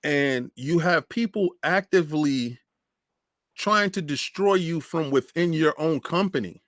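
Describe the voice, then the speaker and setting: A man co-hosting a gaming podcast who tells stories in an animated, emphatic way. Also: fairly high pitch, unhurried, dry recording, studio quality. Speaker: podcast co-host. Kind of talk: casual podcast chat.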